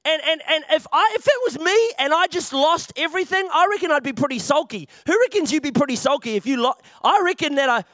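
Preacher guy, really high bright voice, jokey and chatty, dry close sound. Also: lively intonation, fast talker, few pauses, no room sound. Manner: chatty, jokey, often restarts phrases. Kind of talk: playful youth sermon with a volunteer.

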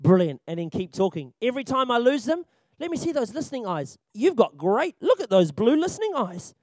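Briskly and in a strikingly high voice, a young man teaches a church training session on children's ministry. He keeps things animated and funny, laughs frequently, and repeats his key points to hammer them home. It's a dry, close recording without room sound.

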